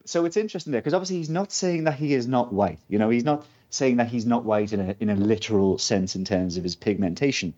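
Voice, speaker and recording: A man's voice: mid-range voice, fast talker, few pauses, a little mellow, lo-fi sound. A man from Britain talking casually as a guest, rambling with many fillers and asides. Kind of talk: casual conversation.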